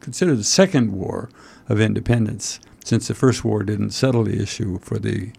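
A man hosting a talk show in casual chat, rambling and halting with frequent fillers and wry asides. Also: lowish voice, vocal fry, a little mellow, slightly rough. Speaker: host.

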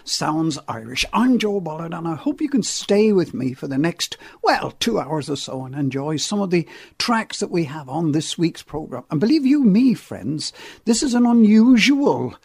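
Husky-voiced man hosting a radio show. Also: high-pitched, big pitch swings, normal speed, no echo. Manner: chatty, warm-hearted welcoming patter. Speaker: radio host.

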